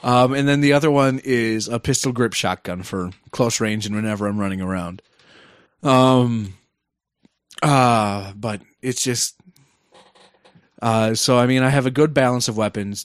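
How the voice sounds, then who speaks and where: A man's voice: mid-range voice, moderate pace, no echo, clean studio sound. A man co-hosting a casual gaming podcast, rambling with many fillers and frequent laughs. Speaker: podcast co-host.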